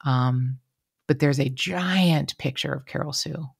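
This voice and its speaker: Her voice rumbles low and rough, with vocal fry, and she takes her time. As co-host of a casual true-crime podcast, she talks emotionally and chattily, quoting people in animated voices. The podcast room audio is clean studio sound with no room sound.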